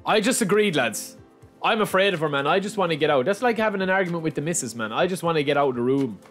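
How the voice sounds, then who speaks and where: A young man giving chatty, excitable gameplay commentary, calling his viewers lads. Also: on the high side, fast talker, soft background music. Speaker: gaming YouTuber.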